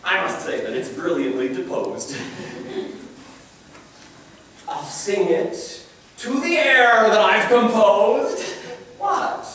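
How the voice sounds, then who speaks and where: A vain, pompous young dandy, played by a man on stage, swoops through rhyming verse in a high, wildly swinging voice, now and then breaking into song. He takes his time over every line. The sound comes from far off in a very echoey hall. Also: big pitch swings, slow pace, fairly bright tone, a little hiss or hum, heavily acted. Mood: preening. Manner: flamboyant rhyming declamation with sung snatches. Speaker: stage actor. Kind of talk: live theatrical verse monologue. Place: university hall with a live audience.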